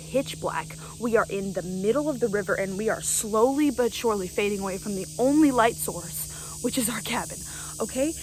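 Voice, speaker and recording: A young female vlogger with a slightly high voice tells a story directly to the camera, casual and animated, frequently asking "right?" The recording is rough, with a faint hiss underneath.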